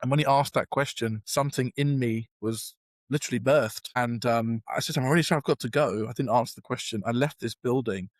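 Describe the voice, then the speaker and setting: A man's voice: medium pitch, fast, no echo. A young British man with a casual, self-deprecating manner, telling a long story in a podcast interview, full of fillers and restarts. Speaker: guest.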